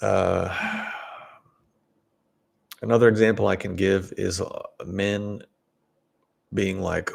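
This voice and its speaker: A man with a very deep, gravelly voice delivers a casual opinion monologue on self-development. He is blunt and opinionated, wandering through his points with restarts and the odd chuckle. The low fry sits under nearly every phrase. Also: little pitch movement, slow pace, pauses often.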